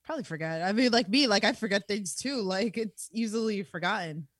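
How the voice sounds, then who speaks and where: Lively playful woman co-hosting. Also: mid-range voice, a little fast, dry recording. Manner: chatty, giggly, playful asides. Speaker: podcast co-host. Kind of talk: casual wrestling recap chat.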